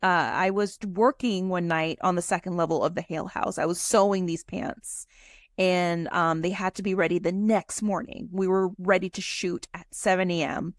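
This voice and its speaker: A woman guest on a podcast, telling a story in an animated, chatty way. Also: lowish voice, moderate pace, no room sound, clean studio sound.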